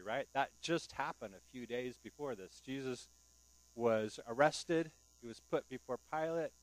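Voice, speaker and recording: A man's voice: mid-range voice, dry recording, poor audio. Conversational male pastor preaching. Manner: conversational preaching with rhetorical questions. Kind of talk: sermon. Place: church.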